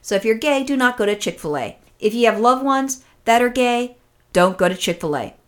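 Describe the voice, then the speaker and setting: Woman co-host, casual chat, profane and animated storyteller. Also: on the high side, normal speed. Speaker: podcast co-host.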